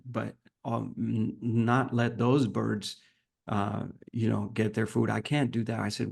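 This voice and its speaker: A man's voice: lowish voice, a little slow, gravelly, slightly rough. A man, a podcast guest, earnestly telling a reflective personal story and acting out the dialogue. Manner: earnest, reflective, animated when retelling dialogue.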